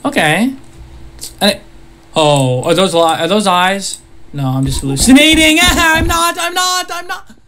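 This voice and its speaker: Gamer, horror let's-play, very animated delivery, slow pace, nervously laughing and easily startled. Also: mid-range voice, a crowd in the background. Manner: jumpy, laughs nervously, frequent startled exclamations. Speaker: gamer playing a horror game.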